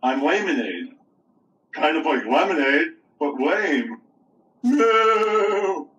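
A man voicing a dopey cow puppet who talks slowly and moos. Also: on the high side, sing-song, a bit bright, distant mic, muffled recording. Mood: silly. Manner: slow, silly, mooing.

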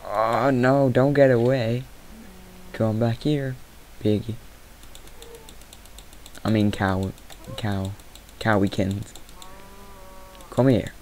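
A man's voice: medium pitch, fairly even intonation, slow pace, darkish tone, a little hiss or hum, low-quality recording. A young man giving rambling let's play commentary, easily startled and chatting to the animals in the game. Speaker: gamer. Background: mouse clicking.

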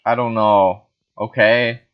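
A man's voice: lowish voice, flat delivery, slow pace. A tipsy young man rambling and swearing as he hosts a casual Minecraft building session, mocking himself as he plays. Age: young adult. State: tipsy from wine. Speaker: host. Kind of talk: casual Minecraft let's-play chatter. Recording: dull lo-fi recording.

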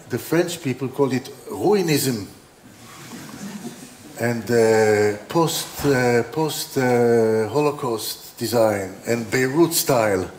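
A man's voice: medium pitch, darkish tone, a little hiss or hum. Man telling anecdotes in a roomy hall. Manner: rambling, full of restarts and dry humor. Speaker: designer giving an opening talk. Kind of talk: informal lecture with anecdotes. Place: exhibition hall. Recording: roomy hall with faint ambience.

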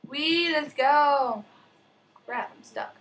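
A young woman's bright, slightly high voice rambles through casual gameplay commentary. She talks at a slow, unhurried pace, yelps and mutters mild curses, and hums sing-song to herself. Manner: excitable, chatty, mild cursing, sing-song humming. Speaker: gamer.

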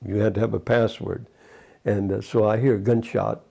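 Old guy in his 80s rambling thru memories, low gravelly voice, kinda dark and husky, lots of "you know". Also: little pitch movement, moderate pace. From United States. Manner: rambling storyteller, many "you know" asides. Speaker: retired fisherman recounting his life. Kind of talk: oral history interview.

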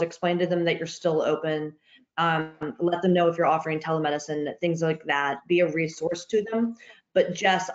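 Woman giving marketing advice, roomy dull audio. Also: fairly low pitch. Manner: earnest, advice-giving, many restarts. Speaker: healthcare marketing panelist. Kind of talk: webinar panel discussion. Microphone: video call.

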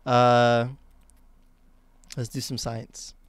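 A young man streaming live, reacting out loud in a slangy, excitable way. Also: mid-range voice, extremely slow, clear, resonant tone, dry recording.

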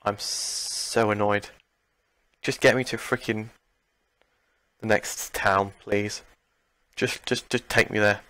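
A man's voice: on the low side, steady tone, slow, long pauses, pushed and bright, no echo. A young man commentating on a video game, ranting and sighing in exasperation. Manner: exasperated, ranting, swears and sighs. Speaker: let's play gamer.

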